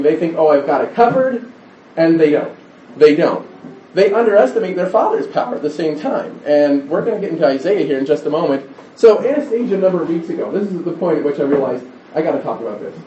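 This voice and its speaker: A man's voice: fairly high pitch, dark tone, reverberant, far from the mic, lo-fi sound, a little hiss or hum. A middle-aged man preaching a conversational sermon, rambling with restarts and stories.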